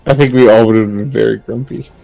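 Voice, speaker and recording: A man's voice: mid-range voice, fairly even intonation, quick pace, creaky, dark tone, no room sound, low-quality recording. A young man chatting casually on a livestream, telling a rambling family story full of fillers and laughter.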